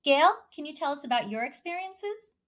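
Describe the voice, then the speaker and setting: Woman, moderator, scripted presentation, clear delivery, animated pitch. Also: normal speed. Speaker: panel moderator.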